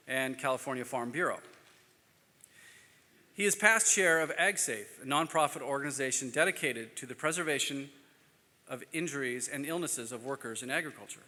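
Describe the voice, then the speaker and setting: A man's voice: medium pitch, pushed and bright. A man moderating a conference panel, reading speaker bios aloud with small slips and self-deprecating asides. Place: conference stage in a large hall. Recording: long hall reverb.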